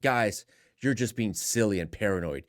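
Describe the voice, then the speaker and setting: A man's voice: lowish voice, moderate pace, no room sound, clean studio sound. A man hosting reaction commentary, speaking in a sarcastic, mocking way. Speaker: commentary host.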